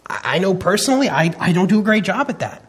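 A man's voice: high voice, sing-song, quick pace, slightly rough. A man in his thirties preaching a sermon, earnest and emphatic, often restarting his phrases. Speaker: pastor.

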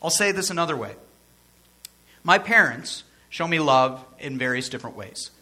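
A male pastor gives a sermon at a moderate pace, his bright, forceful voice a little higher than typical for a man and quite animated. He keeps it conversational, tossing in jokes and repeating phrases for emphasis.

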